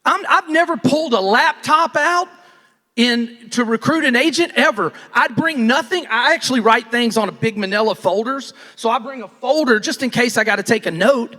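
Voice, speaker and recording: A man's voice: very high-pitched, moderate pace, pushed and bright. A man, giving a folksy, rambling motivational talk on stage and often restarting his sentences. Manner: folksy, rambling, self-interrupting. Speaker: real estate team leader speaking on stage. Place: large conference hall. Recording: long reverb of a large hall.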